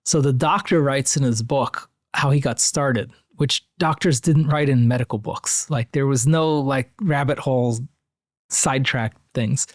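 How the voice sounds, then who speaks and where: A middle-aged American man, a museum curator who collects antique electrical machines, tells a long personal story in a mid-range, unhurried voice. He rambles casually and fills his speech with "like," and the studio sound is clean with no room sound.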